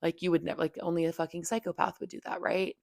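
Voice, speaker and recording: Young female podcast host, low gravelly voice, candid and profane, dry close mic. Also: little pitch movement, quick pace, a little mellow, no echo. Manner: heavy "like" fillers, profane, venting. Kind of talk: candid personal storytelling.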